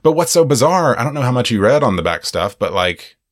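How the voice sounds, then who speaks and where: A man co-hosting a casual film-review podcast, rambling and animated, laughing often. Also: mid-range voice, fairly quick, no echo, clean studio sound. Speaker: podcast co-host.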